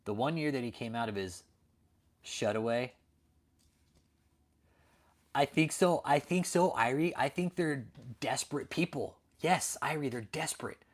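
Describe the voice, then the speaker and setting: A man's voice: mid-range voice, a little slow, long pauses. A man hosting a late-night livestream, ranting profanely and answering viewers in chat. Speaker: livestream host.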